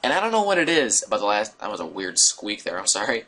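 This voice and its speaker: Young guy vlogging a story, low but forceful voice, rambles all over the place. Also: fast talker. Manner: rambling, digressive, animated delivery. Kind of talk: casual storytelling to camera.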